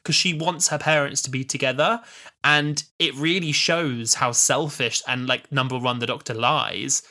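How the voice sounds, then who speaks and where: A man in his twenties talks through a show with a friend in an easy, animated podcast chat. His voice has a bright, forward edge at a middle pitch. He is eager to retell the scenes. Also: moderate pace. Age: 20s. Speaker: podcast co-host. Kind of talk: casual chat.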